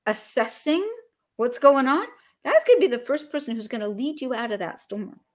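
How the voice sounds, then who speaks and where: Guesting on a podcast, this female business coach is energetic and emphatic, playing out small scenes as she explains. Her voice sits high and moves at normal speed.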